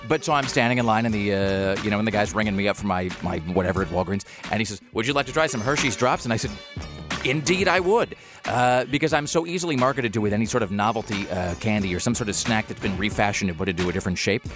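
Fast-talking male radio host. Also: fairly low pitch, music in the background. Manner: rambling, wry and joking. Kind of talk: casual radio banter.

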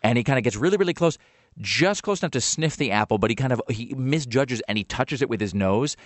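A man's voice: medium pitch, animated, quick pace, no echo. A man hosting a radio show, telling rambling pet stories in casual chat, with lots of uh and like.

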